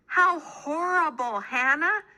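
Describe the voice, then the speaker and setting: A woman's voice: high voice, animated, slow, sharp tone, pitched above the performer's own voice, heavily acted. A woman voicing a kindly male hog baker in a raised, friendly storybook voice. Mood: helpful.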